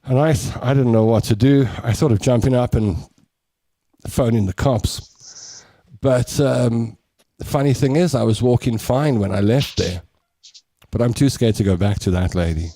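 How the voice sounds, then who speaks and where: A man's voice: medium pitch, moderate pace, dark tone, no room sound. A man hosting a radio show, chatting in studio banter and whining theatrically for laughs.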